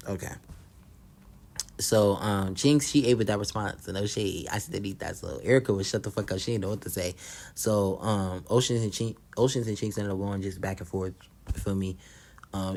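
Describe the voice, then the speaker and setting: A man's voice: low voice, a little mellow. A young man casually recapping a reality show, blunt and profane, gossiping and acting out what the cast said.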